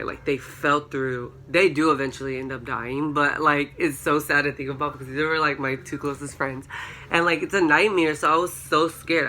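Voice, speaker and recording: A young man vlogging a storytime, rambling through a dream with constant filler words and rising into excited shrieks when he quotes himself. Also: slight background noise. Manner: excited, rises to high-pitched shrieks when quoting himself. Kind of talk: storytime vlog. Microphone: camera.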